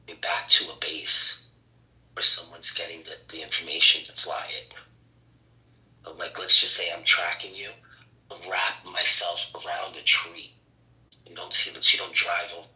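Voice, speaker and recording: A man chatting on a casual podcast, excitedly explaining something while fumbling for words and restarting. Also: low voice, reverberant, low-quality recording.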